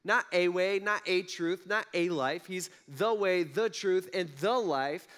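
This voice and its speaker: Young male pastor, conversational preacher, slightly high voice, lots of rhetorical questions. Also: fairly bright tone. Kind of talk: sermon.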